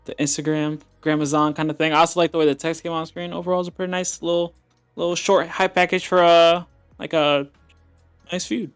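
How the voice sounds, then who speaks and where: A man giving a casual, somewhat halting opinion on a podcast. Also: on the high side, little pitch movement, clear, resonant tone, no echo, soft background music. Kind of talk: casual chat.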